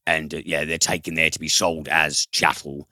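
A man's voice: very deep voice, level tone, moderate pace, sharp tone, no echo. A man reviewing a film in casual chat, rambling and profane, with frequent fillers and restarts.

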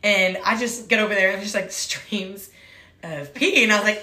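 A woman's voice: mid-range voice, moderate pace, bright, forceful tone. A woman casually telling a story, chatty and full of "like", acting out what people said. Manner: chatty, fills talk with "like", acts out quotes. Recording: roomy echo.

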